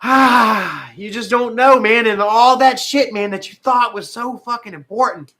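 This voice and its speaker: A man with a high, bright voice talks to his live viewers in a loose, rambling way, full of fillers and curses. He drifts between laughter and tears as he opens up. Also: a little slow. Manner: rambling, frequent fillers, heavy swearing. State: tearful at times. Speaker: vlogger talking to live viewers. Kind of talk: emotional casual livestream talk.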